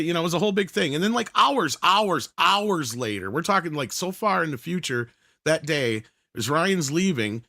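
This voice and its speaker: Animated, lively-pitched storytelling man. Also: normal speed, dry recording, clean studio sound. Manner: animated, profane, acts out quoted voices. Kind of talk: casual storytelling chat.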